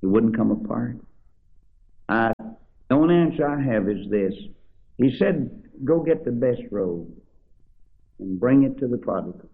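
Animated preacher man, lo-fi recording. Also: mid-range voice, a little slow, gravelly, long pauses. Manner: reads King James verses with dramatic emphasis, then explains in plain speech. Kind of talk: sermon reading scripture aloud with commentary. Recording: dull lo-fi sermon recording.

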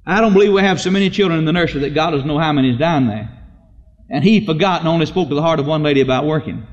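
Preacher man telling folksy stories in a reverberant church. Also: highs cut off. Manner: humorous storytelling, rises in pitch for emphasis. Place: church sanctuary. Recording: long reverb of a church hall.

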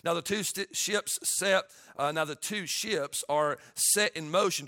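High-voiced bright preacher, dry sound. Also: male voice, dry recording. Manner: impassioned, rising to shouts of awe. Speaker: pastor. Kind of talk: sermon.

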